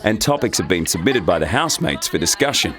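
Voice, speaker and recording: Lively male TV narrator. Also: low-pitched, fast. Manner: upbeat announcing with lively swings. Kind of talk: scripted TV voice-over. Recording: voice-over over loud music.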